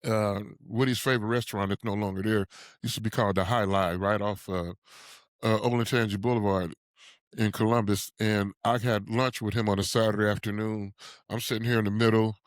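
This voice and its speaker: A man's voice: on the low side, fairly quick, no echo. Dry-sounding storytelling man in his sixties. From Ohio. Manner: animated storyteller who chuckles often. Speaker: podcast guest. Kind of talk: conversational storytelling.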